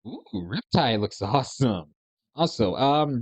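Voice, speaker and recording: A man's voice: medium pitch, sing-song, moderate pace, no echo. A man casually commenting on videos, rambling and hesitant with many restarts. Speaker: reaction video host. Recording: dry, dull lo-fi sound.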